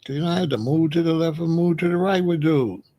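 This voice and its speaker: A man's voice: a little high, fast talker, warm tone. A man giving a blunt, streetwise commentary monologue, repeating his points. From Chicago. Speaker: commentary host.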